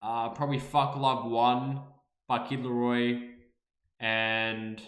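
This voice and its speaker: A man's voice: mid-range voice, little pitch movement, slow, fairly bright tone, reverberant. A man streaming live and reacting casually, playful, repeating words over and over and swearing freely.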